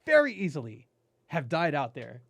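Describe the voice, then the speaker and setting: Animated storytelling man, dry mic. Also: on the high side, moderate pace, vocal fry, no room sound. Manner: animated, swearing, says "dude" and "man" a lot. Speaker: podcast guest. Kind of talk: casual storytelling chat.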